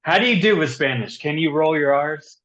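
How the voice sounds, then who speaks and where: A man's voice: on the high side, expressive, a little fast, fairly bright tone, poor audio. A man with a slight Southern accent, chatting as a guest author in a rambling, enthusiastic way and often repeating words. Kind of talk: casual chat.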